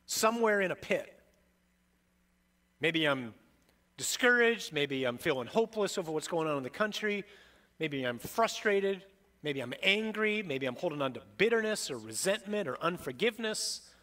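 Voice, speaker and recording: A middle-aged man preaching in a slightly high voice. He delivers the sermon emphatically, with dramatic swings between loud and soft. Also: expressive, moderate pace. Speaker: priest.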